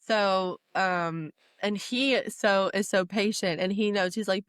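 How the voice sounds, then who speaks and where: A woman's voice: mid-range voice, steady tone, measured pace, few pauses, clear, resonant tone, dry recording. Chatty woman podcast host, dry sound. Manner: chatty, lots of "like" fillers, enthusiastic. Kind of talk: casual chat.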